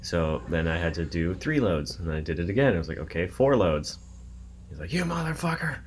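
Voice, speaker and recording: A deep-voiced man chats and curses his way through a video game with a friend. He drifts into stories mid-play, with a faint hiss under his voice. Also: expressive, fairly quick. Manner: swears a lot, tells stories while playing. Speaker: gaming co-host. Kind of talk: casual let's-play banter.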